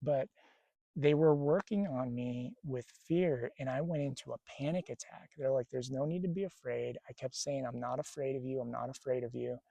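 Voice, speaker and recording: A man casually telling a spiritual experience to camera outdoors, rambling and animated, acting out the dialogue as he goes. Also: mid-range voice, moderate pace, vocal fry, no room sound. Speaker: spiritual vlogger. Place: outdoors near a lake. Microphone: camera mic.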